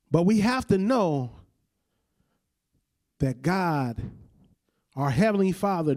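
A man preaching a sermon in a casual, conversational way, slowing down and dropping his voice on key lines and calling on listeners to repeat after him. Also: high-pitched, darkish tone. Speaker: pastor.

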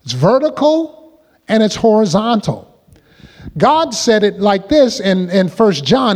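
A man's voice: high-pitched, big pitch swings, slow pace, a little mellow, long reverb tail. A man preaching a sermon as pastor, drawing the congregation in with call-and-response questions.

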